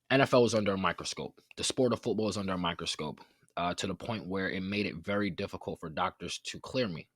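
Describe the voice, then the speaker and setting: A man's voice: fairly low pitch, dry recording. A man, a former football player, telling a personal story as a podcast guest in an earnest, conversational way. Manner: earnest, conversational, drops to quiet reflection.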